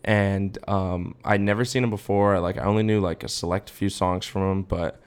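A man's voice: low-pitched, steady tone, moderate pace, clean tone. A young man co-hosting a casual podcast, telling a long rambling story full of filler words. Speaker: podcast co-host. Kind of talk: casual chat.

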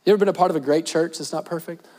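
High-voiced man preaching a sermon. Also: very fast, a little mellow. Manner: conversational, emphatic with repeated phrases. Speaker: pastor.

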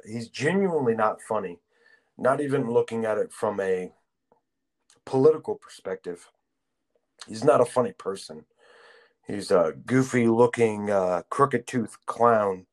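A man's voice: fairly low pitch, dry recording. A man co-hosting a podcast, ranting bluntly and profanely in casual chat. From United States. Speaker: podcast co-host.

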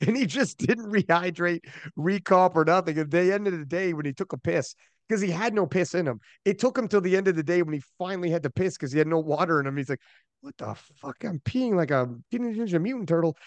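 A man hosting a podcast, telling stories in animated, profane casual chat on a close mic. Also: sits high, quick pace, no echo. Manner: animated storyteller, loose and profane. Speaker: podcast host.

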